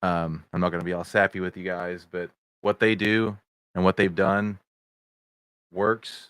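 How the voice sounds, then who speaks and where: Deep-voiced casual male podcast host. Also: level tone, unhurried, a bit bright, clean tone, dry recording. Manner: rambling, with many fillers, greets viewers in chat. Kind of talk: casual livestream chat. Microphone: video chat setup.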